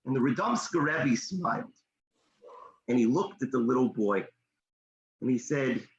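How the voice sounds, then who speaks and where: A motivational speaker, a man, telling a story in a discussion, animated, his voice leaping up when excited. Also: mid-range voice, a little slow, pauses often, a little hiss or hum. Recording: echoey room, dull lo-fi sound.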